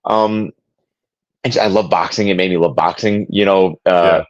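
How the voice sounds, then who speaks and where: Deep-voiced enthusiastic collector guest. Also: male voice, fairly even intonation, unhurried, dull audio. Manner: enthusiastic, peppers speech with "man". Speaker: guest, physical media collector. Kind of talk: casual interview chat.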